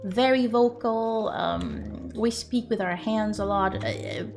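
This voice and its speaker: A woman's voice: on the high side, fairly even intonation, takes it slowly, darkish tone, soft background music. A young woman from Greece, a streamer chatting casually with her viewers in a rambling, teasing way. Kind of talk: casual chat.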